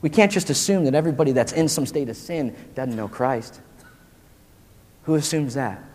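A man in his forties preaching a casual, slangy sermon to college students, animated and full of "dude" and "man". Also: mid-range voice, moderate pace. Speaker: pastor. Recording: long hall reverb.

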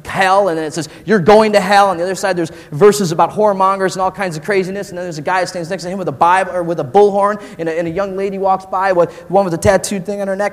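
A man in his forties preaching a casual, slangy sermon to college students, animated and full of "dude" and "man". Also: high voice, quick pace, hardly any pauses. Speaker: pastor. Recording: long hall reverb.

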